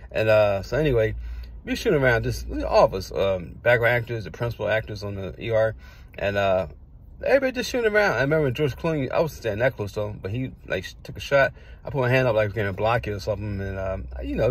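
A middle-aged man casually telling rambling personal stories, jumping from one anecdote to the next. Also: fairly low pitch. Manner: rambling, digressive, jumps between anecdotes. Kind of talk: casual storytelling.

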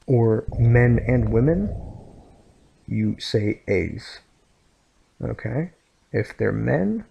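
A man's voice: medium pitch, creaky, breathy edge, dull audio. A man from the United States, explaining a language lesson over a screen recording, full of fillers and "okay?" checks. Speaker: language teacher.

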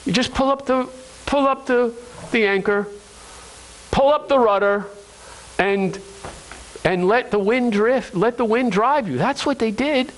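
A man's voice: extremely high pitch, measured pace, pauses often, poor audio. A male pastor preaching a sermon to his congregation, earnest and repeating phrases for emphasis, calling listeners friends.

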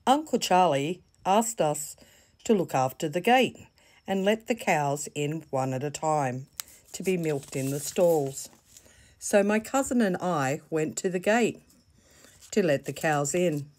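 A woman with an Australian accent reads a children's bedtime story in a low voice. She takes her time, pausing gently between phrases. Her tone stays soft and deliberate throughout. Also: animated. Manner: slow, gentle, deliberate reading.

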